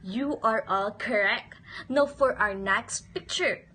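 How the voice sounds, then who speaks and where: A woman's voice: mid-range voice, takes it slowly, pushed and bright, slightly rough. A woman teaching a phonics lesson to young children, asking questions and having them repeat words in a sing-song way.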